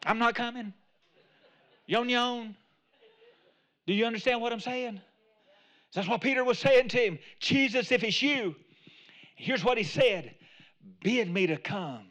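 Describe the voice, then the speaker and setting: A man with a high, bright, ringing voice preaches to his congregation. He moves between rising, emphatic calls and low, hushed asides, often speaking the words of a prayer as if he were praying it himself. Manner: preaching with swings from loud calls to quiet asides, acting out Peter's prayer. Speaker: pastor. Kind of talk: sermon.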